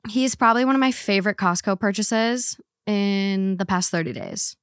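A woman's voice: medium pitch, lively intonation, no echo, clean studio sound. A young woman hosting a podcast, chatty and playful in casual conversation. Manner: chatty, playful, quick asides. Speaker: podcast host. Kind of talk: casual chat.

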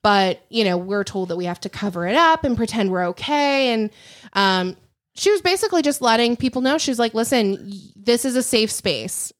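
A woman's voice: on the high side, expressive, moderate pace. A young woman co-hosting a podcast, telling a story in casual chat and often reaching for names she can't recall. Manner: gossipy storytelling, searches for names. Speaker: podcast co-host.

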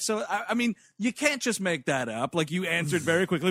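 Guy on a comedy podcast, high and animated, explains stuff then cracks jokes, dry sound. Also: a little fast, hardly any pauses, dry recording. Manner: explains at length, then jokes in mock voices. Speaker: podcast co-host. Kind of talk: casual comedic movie chat.

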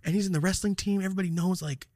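A man's voice: high voice, fairly even intonation, very fast, darkish tone, no echo, studio quality. A man hosting a podcast, telling a rambling, profane story in casual chat. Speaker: podcast host.

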